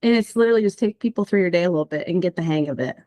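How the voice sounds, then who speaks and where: A woman's voice: fairly low pitch, lively intonation, racing, mellow. A woman who creates social media content, giving a casual talk to a small group in person. She talks in a bubbly, chatty way with lots of ums and likes, and sounds a little nervous because she is new to speaking in front of people. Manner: nervous first-time speaker.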